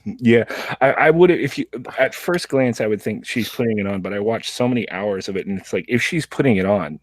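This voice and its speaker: A man's voice: fairly low pitch, lively intonation, brisk. A man hosting a casual podcast chat, rambling with restarts and frequent laughs. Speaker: show host.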